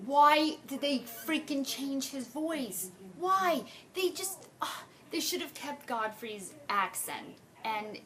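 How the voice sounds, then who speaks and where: Exasperated young woman ranting about a film. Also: on the high side. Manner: animated and exasperated, with rising outbursts. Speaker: book fan reviewing a film adaptation. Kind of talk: casual video review rant.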